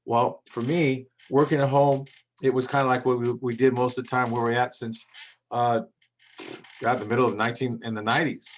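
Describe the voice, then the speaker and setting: A man's voice: mid-range voice, level tone, fairly quick, highs cut off, slight background noise. A man coaching on business credit in a rambling motivational monologue, full of restarts and repeats. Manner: rambling, repetitive, with many restarts.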